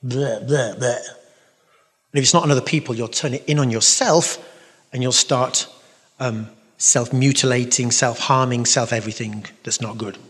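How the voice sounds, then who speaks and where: A man's voice: mid-range voice, normal speed, a bit bright. An English man preaching a sermon, his voice hanging in the long reverb of a big church hall. He presses his points by repeating phrases and tosses in playful little noises. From England.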